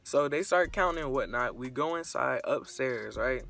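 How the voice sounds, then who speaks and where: Casual young man with a sharp, forceful voice, animated crude storytime telling. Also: mid-range voice, moderate pace, gravelly. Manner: crude, slangy, animated retelling. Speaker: storyteller vlogger.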